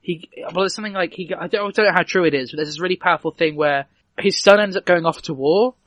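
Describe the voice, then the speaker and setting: A man's voice: high voice, quick pace, a bit bright, no room sound. A man casually recounting a film's story, rambling and correcting himself as he goes. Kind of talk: casual chat.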